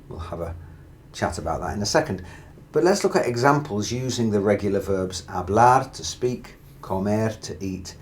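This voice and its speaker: A man teaching Spanish grammar, calmly walking through verb endings in a methodical lesson. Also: fairly low pitch, a little hiss or hum. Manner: steady, methodical, drills through conjugations. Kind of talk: explanatory language lesson.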